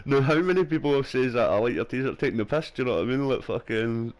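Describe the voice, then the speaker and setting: A young gaming streamer with a mid-range voice talks fast as he plays. He chats casually and rambles, full of fillers and swearing.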